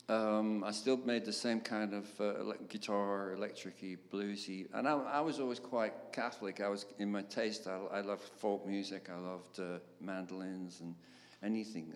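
An older man, a songwriter telling his story in an interview, animated and laughing, with many fillers. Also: on the low side. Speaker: guest songwriter. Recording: roomy reverb, faint background noise.

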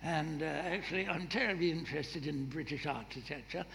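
A man's voice: a little high, brisk, creaky, fairly bright tone, a little hiss or hum. Man doing a posh, dithering royal heir, pompous and hesitant, in a slightly echoey hall. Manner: plummy, dithering, with hesitant fillers.

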